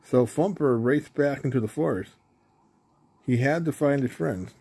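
A man reading a children's story aloud, unhurried, with small slips and restarts. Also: mid-range voice, creaky, dark tone, a little hiss or hum. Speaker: storybook reader.

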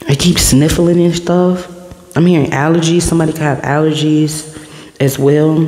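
A man's voice: on the high side, vocal fry. Man giving a tarot reading in an echoey room. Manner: repetitive, meandering, speaking messages as they come. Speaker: tarot reader. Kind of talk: intuitive tarot reading to camera. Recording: echoey room with long reverb and steady background noise.

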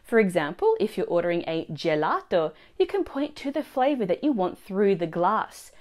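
A woman teaching a language lesson, explaining phrases and their pronunciation clearly and slowly. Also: medium pitch, big pitch swings, a little mellow. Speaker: Italian teacher.

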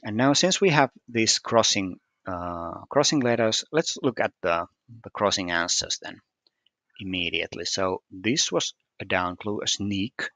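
Guy explaining a crossword step by step, lowish voice, dry close mic, kinda halting. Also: bright, forceful tone, dry recording. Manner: hesitant, many fillers and restarts, methodical. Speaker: puzzle solver explaining solutions. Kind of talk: screen-recorded puzzle walkthrough.

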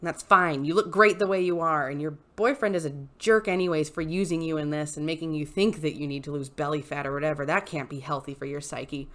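Woman vlog host, exasperated rants, casual commentary, fairly low voice. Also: fairly quick, hardly any pauses. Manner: animated, exasperated ranting. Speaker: YouTube host reading posts.

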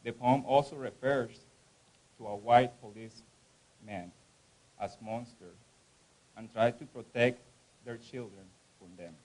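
A man at a campus read-in event giving a slow, solemn poetry recitation with swelling emphasis. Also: mid-range voice, darkish tone, low-quality recording. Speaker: event reader.

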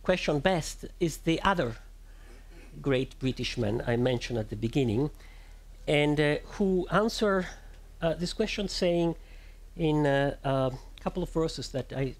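A man from Italy with an Italian accent, giving a public lecture on physics and often pausing to search for words. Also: on the high side. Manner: thoughtful, searching for words, with restarts and fillers.

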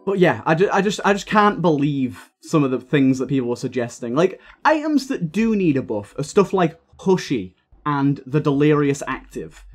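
A young man commenting on his own gameplay, swearing freely and getting heated as he talks. His pitch swings widely from line to line. Faint game music plays beneath his voice. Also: very animated, normal speed. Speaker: gaming video creator.

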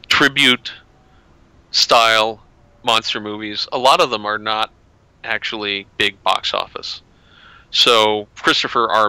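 A man's voice: on the low side, vocal fry, sharp tone, clean tone, dry recording, poor audio. A man in casual chat as a guest author, rambling and often restarting his sentences.

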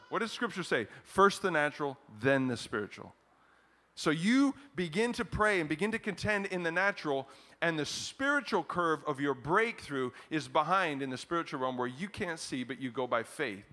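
A man in the pulpit delivers an animated sermon with a bright, forceful tone and a voice pitched a little above the usual. He swings between loud declarations and quieter stretches, then leads the congregation in prayer. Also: normal speed. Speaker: pastor. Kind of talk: closing prayer.

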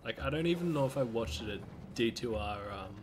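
A man's voice: mid-range voice, lively intonation, brisk, music in the background. A man chatting casually on a game stream, laid-back, chuckling often and swearing casually. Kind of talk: casual gaming stream chat.

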